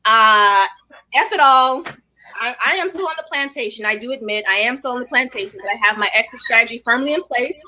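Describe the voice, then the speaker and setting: A woman chatting casually as a guest on a video call, telling lively stories and acting out quotes. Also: fairly high pitch, brisk, background noise. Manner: animated storyteller acting out quotes. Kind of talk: casual livestream chat.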